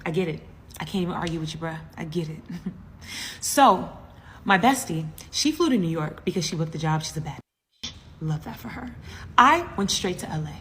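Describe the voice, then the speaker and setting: A woman telling a comedic story time, animated and dramatic, with frequent asides to the audience. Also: fairly low pitch, moderate pace, pauses often, a little hiss or hum. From US East Coast.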